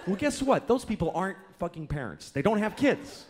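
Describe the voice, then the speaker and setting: A man's voice: sits high, very animated, fairly quick, a little mellow. A man in his thirties performing a stand-up comedy set on a club stage, telling exasperated, profane stories and acting out the people in them. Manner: profane, exasperated storytelling with acted-out quotes. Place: comedy club stage before a live audience. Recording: live club recording with crowd and faint noise. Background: audience laughter.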